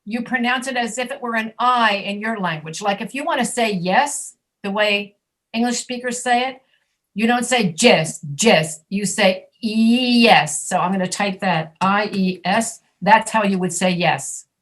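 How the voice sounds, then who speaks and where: A woman teaching an online English pronunciation class, patiently demonstrating sounds slowly and repeating them. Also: fairly high pitch, steady tone, a bit bright. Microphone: video call.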